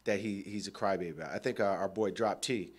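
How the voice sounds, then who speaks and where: A man's voice: low voice, fast talker. A man co-hosting a radio show, talking sports casually, rambling with lots of fillers and frequent laughter.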